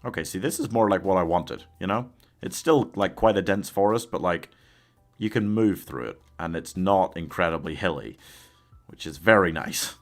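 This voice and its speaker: Deep-voiced man streaming, coughing. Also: moderate pace, faint music behind. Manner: chatty, laughs often, reads out viewer messages. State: coughing, ill. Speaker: live streamer. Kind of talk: casual live gaming stream chat.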